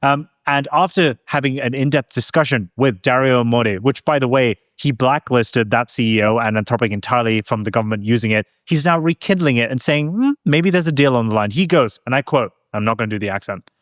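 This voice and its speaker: A British man co-hosting a casual tech podcast, chatty and quick to laugh. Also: medium pitch, dry recording, clean studio sound. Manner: chatty, laughs easily, says whilst. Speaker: podcast co-host.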